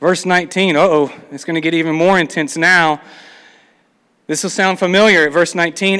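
A man's voice: fairly high pitch, steady tone, a little fast, pushed and bright, smooth. A man preaching a sermon, reading scripture aloud and acting out the complaints of the people in between. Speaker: pastor. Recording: long hall reverb.

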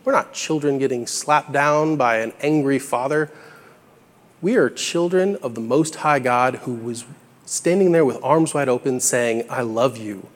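Unhurried and medium-pitched, this young man preaches casually and from the heart. His earnest, conversational delivery swells into emphatic peaks on key lines, and a long church-hall reverb holds each word.

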